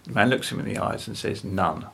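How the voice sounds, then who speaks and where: An older man, talking earnestly about faith as a guest, with a gravelly, husky voice and tag questions. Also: on the low side, steady tone, fast talker, pushed and bright. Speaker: guest speaker.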